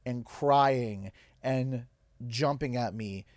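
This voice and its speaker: Young canadian guy on stream, choked up and halting, dry close mic. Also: mid-range voice, darkish tone, no echo. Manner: halting, emotional, pausing often. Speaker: livestream host. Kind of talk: emotional storytelling on a game stream.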